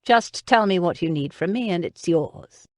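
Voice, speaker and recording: A woman voicing a serious aristocratic gentleman in an audiobook, speaking in a sober tone. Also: high voice, expressive, normal speed, dry recording, studio quality.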